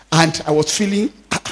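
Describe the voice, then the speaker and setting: A Nigerian pastor in his fifties preaching a sermon as an animated storyteller, laughing often and dropping Yoruba phrases into his English. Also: sits high. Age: 50s.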